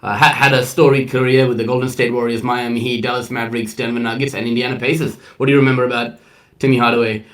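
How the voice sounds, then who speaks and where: A man's voice: medium pitch, flat delivery, fast talker. A man co-hosting a casual sports chat, upbeat and calling people man and bro. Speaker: podcast co-host. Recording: distant mic.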